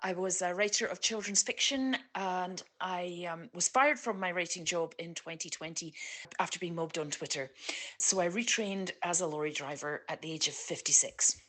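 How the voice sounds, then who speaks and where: A Scottish woman in her sixties talking in an interview, emphatic and outspoken with quick laughs. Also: lowish voice, a bit bright, dry recording. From Scotland. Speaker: interviewee, author turned lorry driver. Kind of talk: casual interview talk.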